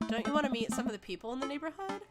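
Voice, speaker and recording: A woman's voice: sits high, animated, rapid-fire, voice pushed up. Woman doing a bubbly teenage daughter. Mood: teasing. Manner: bubbly, teasing. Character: cheerful teenage daughter, teasing and upbeat. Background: loud game music.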